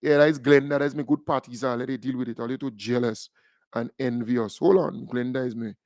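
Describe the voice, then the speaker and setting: A Grenadian man hosting a call-in radio show, talking in a lively, joking way with Caribbean creole phrasing. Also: mid-range voice, a little fast, no echo, clean studio sound. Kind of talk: casual radio talk with a caller.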